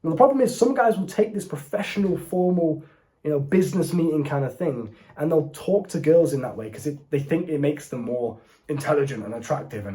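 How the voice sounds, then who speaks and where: Talking directly to camera from an indoor seat, this young dating coach is blunt and laid-back, calling his viewer bro. He sounds a little high, animated and warm, and moves fairly quickly.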